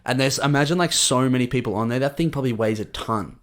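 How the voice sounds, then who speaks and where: A man's voice: medium pitch, quick pace. A young man with an Australian accent, co-hosting a podcast and telling stories in casual chat, acting out quotes as he goes. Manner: animated storyteller, acts out quotes. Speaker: podcast co-host.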